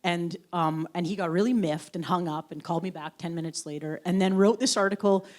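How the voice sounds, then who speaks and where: A woman's voice: fairly low pitch, brisk, a little mellow. A woman who is the guest author at a live onstage talk, telling wry stories casually and laughing as she goes. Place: university event stage.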